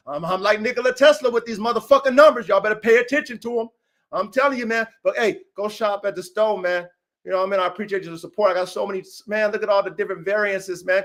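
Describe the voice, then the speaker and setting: A man's voice: high-pitched, fairly bright tone. A man hosting his own dog-training channel, talking in a brash, taunting, profane livestream rant, tacking "man" onto nearly every line.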